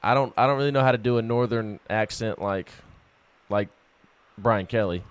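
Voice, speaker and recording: A man's voice: on the low side, moderate pace, smooth. A man co-hosting a casual sports talk show, stuttering on word starts as he works up his opinions.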